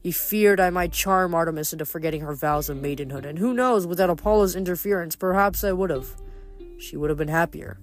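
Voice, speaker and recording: A reader voicing a boastful male giant hunter who talks in a smooth, persuasive way. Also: mid-range voice, fairly quick, faint music behind, lightly acted. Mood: smooth menace.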